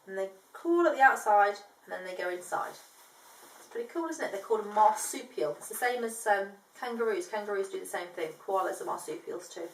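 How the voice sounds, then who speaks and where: A woman's voice: medium pitch, expressive, brisk, reverberant, recorded from a distance, rough recording. A woman reading a children's picture book aloud, lifting her voice for the animals' lines and stopping to explain things in a chatty way. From from outside Australia, now living there.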